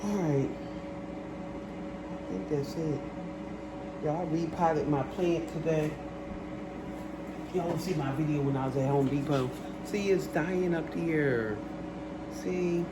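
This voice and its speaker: A man's voice: on the high side, slow, long pauses, roomy sound. Chatty man in a noisy home kitchen. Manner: chatty, talks straight to viewers, animated when ranting. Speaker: cooking vlogger. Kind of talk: casual cooking vlog chat.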